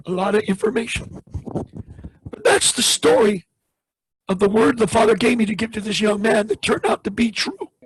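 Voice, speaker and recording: A man preaching as he tells a testimony story, acting out each person in it with big swings of pitch. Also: breathy edge, no room sound, low-quality recording. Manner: dramatic retelling, acts out the voices in the story with big pitch swings. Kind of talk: sermon storytelling.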